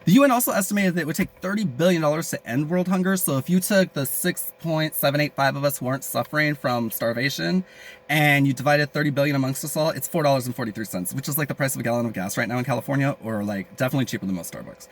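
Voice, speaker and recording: A man's voice: mid-range voice, fast talker. A man rambling crudely and jokingly in a casual vlog, with many fillers and asides. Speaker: vlogger.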